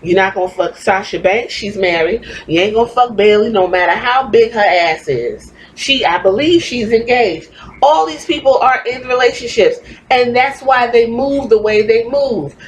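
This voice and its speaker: A woman's voice: a little high, normal speed, slight background noise, low-quality recording. Blunt, profane woman ranting. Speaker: podcast host. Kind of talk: opinionated podcast rant.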